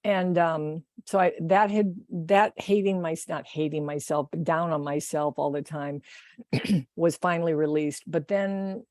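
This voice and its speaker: A woman's voice: deep voice, unhurried, darkish tone, no room sound, studio quality. A woman speaking as a guest on a podcast, rambling and correcting herself often, with frequent laughter. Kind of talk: casual conversational interview.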